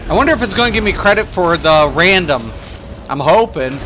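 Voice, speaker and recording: A man with a fairly high, bright voice talks slowly through his gameplay, rambling and cursing between thoughts. Faint game sounds sit underneath him. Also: animated, a little hiss or hum. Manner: profane, rambling, complaining. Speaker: gaming streamer. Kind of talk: casual gameplay commentary.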